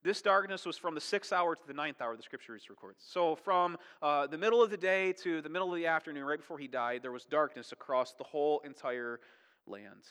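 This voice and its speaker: A man's voice: a little high, brisk, a bit bright, clean tone. Conversational preacher man in an echoey hall. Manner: conversational preaching, frequent "right?" and "okay?". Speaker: pastor. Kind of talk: sermon.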